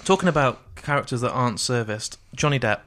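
A man's voice: mid-range voice, fairly quick, slight background noise. A man co-hosting a film review podcast, chatting casually and jokily, swearing freely. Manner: jokey, animated, swears freely. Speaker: podcast co-host.

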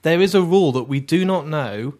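A man's voice: fairly high pitch, animated, brisk, a little mellow. A man co-hosting a podcast, joking and reading out listener questions in casual chat. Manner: jokey, laughing, reads listener questions. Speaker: podcast co-host.

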